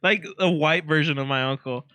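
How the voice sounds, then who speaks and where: A man's voice: fairly high pitch, a little fast, pushed and bright, dry recording. A man co-hosting a podcast, reading facts aloud between bursts of laughter, audibly drunk. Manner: laughing, tipsy, reading from notes. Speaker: podcast co-host. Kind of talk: casual chat. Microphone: close podcast mic, clipping.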